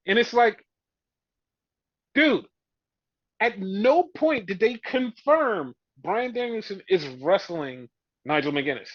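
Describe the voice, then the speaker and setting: Man, high voice, exasperated rant, swearing, casual podcast, muffled dry sound. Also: animated, slow pace, long pauses, no room sound. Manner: ranting, exasperated, swears a lot. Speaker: podcast co-host. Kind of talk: casual wrestling review chat.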